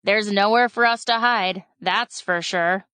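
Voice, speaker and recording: A woman's voice: medium pitch, a little slow, sharp tone, clean tone, no room sound. A woman reads as a shy, tall boy who rarely talks but now blurts out his fears. The voice is a little raised and close, in a dry recording. It sounds like a storybook read aloud. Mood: worried. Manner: blurting out worries, then exclaiming.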